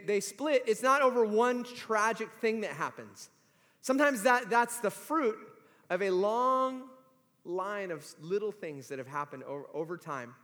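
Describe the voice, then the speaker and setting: Brief: high-voiced male preacher, chatty and emphatic, long hall reverb. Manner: conversational, animated, emphatic. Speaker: pastor. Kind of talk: sermon. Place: large hall or church.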